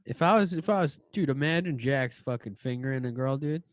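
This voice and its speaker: A man's voice: medium pitch, brisk, no room sound. A young man on a casual podcast, throwing in short, eager comments. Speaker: podcast co-host. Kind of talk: casual chat.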